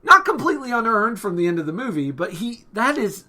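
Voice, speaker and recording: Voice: medium pitch, very animated, a little fast, bright, forceful tone. A podcast co-host chatting casually and enthusiastically, swearing freely while retelling film scenes. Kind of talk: casual chat.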